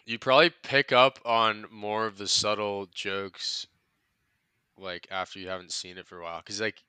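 Young man, casual podcast chat, low voice, smooth and resonant, laid-back, dry sound. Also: steady tone, moderate pace, sharp tone, no echo. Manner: laid-back, swears a lot, tries joke accents.

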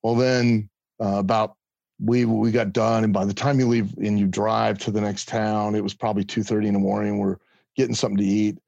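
A man's voice: on the low side, level tone, a little fast, vocal fry, a little mellow, no echo. A man guest telling a story in a casual interview and acting out the other people's voices. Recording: dull lo-fi sound.

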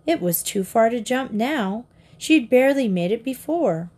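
Slow, measured woman storyteller. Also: fairly high pitch, animated, darkish tone. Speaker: audiobook narrator. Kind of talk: storybook narration.

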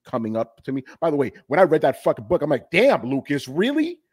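A middle-aged man with a slightly husky voice, talking animatedly as a podcast guest. He is emphatic and swears freely in casual chat. The recording is close and dry. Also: mid-range voice, lively intonation, quick pace, no room sound.

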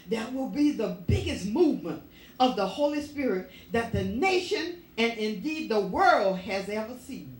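A woman's voice: a little high, lively intonation, unhurried. Echoey woman preaching from a distance. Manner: emphatic, repetitive preaching cadence. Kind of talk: sermon. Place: church. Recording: echoey room, voice from far off.

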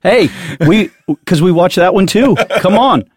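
A man's voice: high-pitched, animated, a little slow, husky, no room sound. A man hosting a casual church podcast, rambling through a story with many restarts and asides. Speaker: podcast host.

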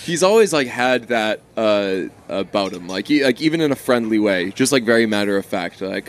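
A man co-hosting a podcast, talking in loose, casual chat. He swears constantly and wanders through animated, rambling stories. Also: on the low side, moderate pace, hardly any pauses. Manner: profane, rambling, animated storyteller. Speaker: podcast co-host.

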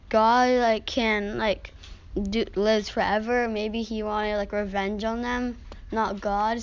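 Girl in class going slow, lots of um and like, muffled. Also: fairly high pitch. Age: child. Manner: hesitant, many fillers. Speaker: student.

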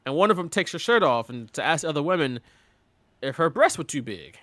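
Man, podcast co-host, lively pitch, bright tone, dry close sound, laughs a lot. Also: brisk, dry recording. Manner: animated, laughing storyteller. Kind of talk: casual chat.

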